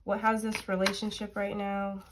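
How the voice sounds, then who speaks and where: A woman's voice: mid-range voice, completely flat delivery, moderate pace, noisy background. A woman tarot reader with a stuffy, nasal voice, chatting casually and rambling with lots of fillers as she reads the cards. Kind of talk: casual tarot reading chat.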